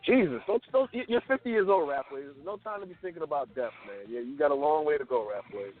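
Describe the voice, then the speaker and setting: A man hosts a radio show with a lively, swooping delivery, needling his guest with mock disbelief. He sits somewhat above the usual male pitch and sounds thin and phone-like. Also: fast, very noisy. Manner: teasing, mock-incredulous. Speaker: radio co-host. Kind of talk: comedic radio banter. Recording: tinny phone-like line.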